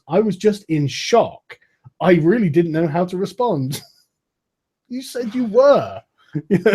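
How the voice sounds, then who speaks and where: Sarcastic guy on a podcast, high voice kinda husky and mellow, laughs a lot, swears. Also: animated, a little slow. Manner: laughing, sarcastic, mocking quotes. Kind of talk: casual profane chat.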